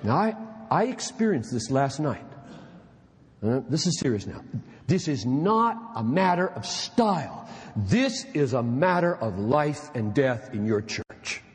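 A man preaching a sermon to fellow preachers, emphatic and animated, dropping low when he reads quotations aloud. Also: a little slow, big-room sound.

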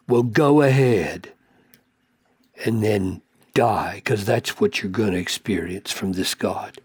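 A male preacher gives a sermon in a slow, husky voice. He presses rhetorical questions and builds to emphatic, high-pitched peaks. The recording is dry and close to the mic. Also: dry recording.

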